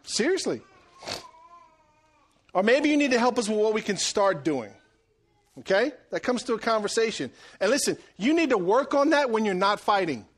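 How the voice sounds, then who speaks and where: A middle-aged man preaching a sermon, animated and joking, swinging between loud and hushed delivery. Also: high voice, normal speed, long pauses. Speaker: pastor.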